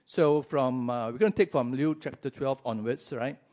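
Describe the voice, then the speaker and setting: A male pastor preaches conversationally in a church, often checking in with his listeners and drawing out key words for emphasis. His mid-range voice has a darkish tone and a normal speed.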